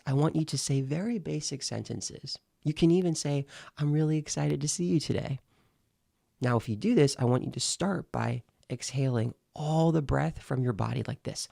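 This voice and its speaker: Man, speaking coach, instructional delivery, deliberate, repeats key phrases, dry close sound. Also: mid-range voice, gravelly, warm tone, no echo. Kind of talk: instructional video.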